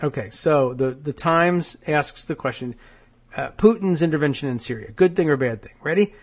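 A man with a blocked nose hosts a political talk show, his voice sitting slightly higher than most men's. He reads quotes aloud and pauses to pick them apart. His tone stays sardonic and wry. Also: husky. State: stuffed nose. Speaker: podcast host. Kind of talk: political commentary.

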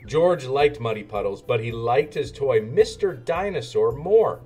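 A man narrates a children's storybook with a sing-song delivery. His voice sits at a middle pitch and moves up and down a lot, with soft music playing under it. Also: expressive, measured pace. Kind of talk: children's storybook read-aloud.

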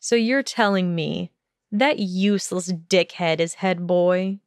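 Arrogant teen wizard boy, low harsh sneer, slow smooth delivery, dry sound, a woman reading him. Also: dry recording. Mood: contemptuous.

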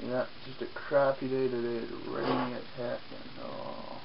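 A man's voice: medium pitch, flat delivery, normal speed, creaky, muffled recording, noisy background. A man with an Acadian French accent vlogging casually outdoors on a farm, rambling, joking at himself and swearing offhand. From Acadian, New Brunswick. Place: outdoors on a farm, rainy day.

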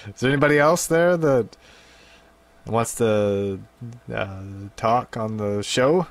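A man's voice: mid-range voice, takes it slowly. A man hosting a casual radio show, talking in a rambling, awkward, self-deprecating way. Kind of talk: casual phone interview.

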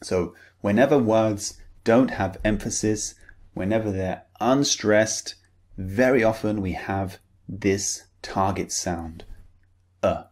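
Slow, deliberate British teacher, lowish voice. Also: male voice, darkish tone. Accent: British English. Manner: slow and deliberate, repeating model words and sounds for learners. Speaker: pronunciation teacher. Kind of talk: recorded pronunciation lecture.

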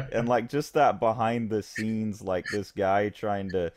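A man's voice: fairly low pitch, flat delivery, darkish tone. A man co-hosting a comics podcast in casual chat, enthusiastic and acting out characters' lines. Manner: enthusiastic, acts out characters' lines in quick bursts.

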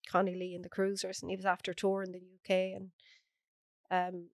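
A woman's voice: fairly low pitch, monotone, moderate pace, no echo. An Irish woman, a podcast guest, earnestly recounting a personal story in close detail. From Ireland.

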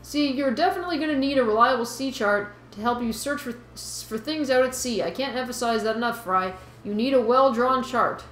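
A woman's voice: a little high, brisk, few pauses, a bit bright, reverberant, slight background noise, natural voice. A woman voicing a pushy male talking fish in a put-on Boston accent, reading game dialogue aloud. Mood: pushy, teasing.

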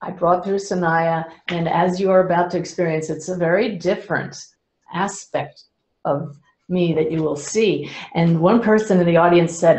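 An older woman, a spiritual medium, calmly and earnestly explaining her practice to a live audience. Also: on the low side, moderate pace, echoey room, rough recording. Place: indoor event room with an audience.

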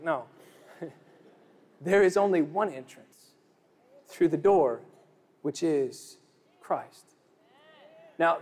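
A young man preaching a sermon, telling a lively story and building to emphatic declarations. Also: sits high. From United States.

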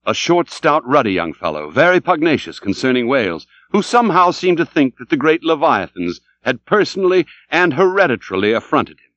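A man reading a classic novel aloud as audiobook narrator, dramatic and expressive, in a dull, dry recording. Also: on the high side, brisk, dry recording. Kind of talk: scripted literary narration.

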